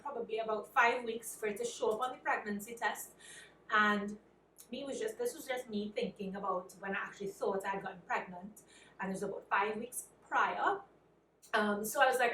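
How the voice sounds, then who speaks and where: A young woman with a Trinidadian accent tells a personal story in a lively, animated way, acting out both sides of the conversation. Her voice sits a little high. She is recorded a bit away from the mic in an echoey room. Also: moderate pace, far from the mic. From Trinidad and Tobago. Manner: animated, self-described anxious, acts out quoted dialogue. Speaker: vlogger. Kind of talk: casual storytelling.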